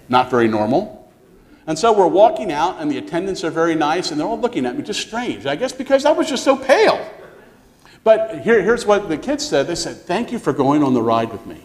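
A middle-aged male pastor preaching a sermon, telling a personal story with lively acted-out voices and frequent laughter. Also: high-pitched. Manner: animated storytelling, acts out voices, laughs often.

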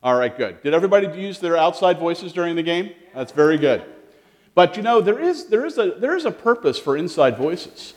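A man speaking as a pastor, giving a lively children's sermon in a church and asking the children questions. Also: high voice, a little fast, big-room sound. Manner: animated, questioning, talks to children. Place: church sanctuary.

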